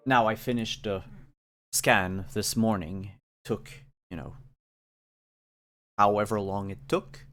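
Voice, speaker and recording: A man's voice: on the low side, fairly even intonation, takes it slowly, long pauses, fairly bright tone. A man voicing an irritable male scientist who grumbles sarcastically about losing his experts. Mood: worried.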